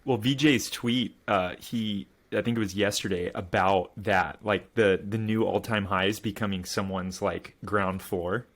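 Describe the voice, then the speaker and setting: A man interviewing a podcast host in casual chat, relaxed and hesitant, with small laughs. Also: fairly low pitch, measured pace, hardly any pauses.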